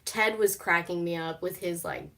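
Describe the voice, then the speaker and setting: A young woman talks casually on a live stream, recorded on her phone. She laughs easily, swears without thinking about it, and fills her pauses with "um" and "like.". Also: lowish voice, huge pitch swings, sharp tone. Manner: chatty, swears freely, laughs often, many fillers. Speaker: streamer reacting to a TV show.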